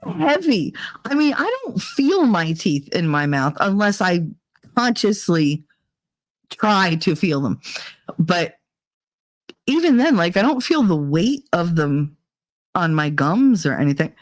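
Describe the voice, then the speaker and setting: A woman's voice: fairly low pitch, very animated, slow pace, long pauses, dry recording. A woman hosting a casual podcast, ranting bluntly and swearing freely with exasperation. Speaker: podcast host. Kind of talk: casual rant.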